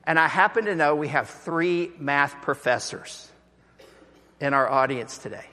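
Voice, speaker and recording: A pastor preaching a sermon, telling stories animatedly and acting out the voices of the people in them. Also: male voice, on the high side, measured pace, sharp tone. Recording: echoey hall.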